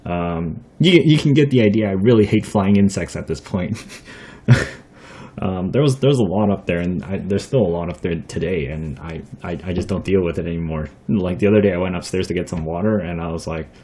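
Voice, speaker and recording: A man's voice: deep voice, brisk, mellow, breathy edge. A young man telling stories in a casual vlog, rambling, chuckling often, with plenty of fillers and some casual swearing. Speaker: vlogger.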